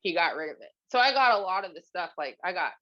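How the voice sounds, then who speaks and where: A woman's voice: on the low side, very animated, quick pace, bright, forceful tone, dry recording, dull audio. A woman guest on a podcast telling her own story in a candid, casual way, with many fillers and restarts as she quotes the people around her.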